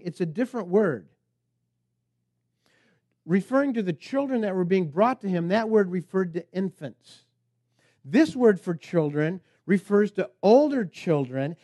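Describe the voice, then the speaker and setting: A man's voice: high voice, darkish tone, dry recording, studio quality. A man preaching a sermon as pastor, emphatic and preacherly, at times speaking the tempter's lines.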